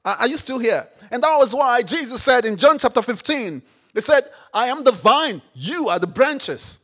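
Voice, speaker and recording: A man preaching a sermon, repeating phrases, firing questions at the congregation and rising to shouts. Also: very high-pitched, expressive, moderate pace. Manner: call-and-response, repeats phrases, rises to shouts; rhetorical questions to the audience.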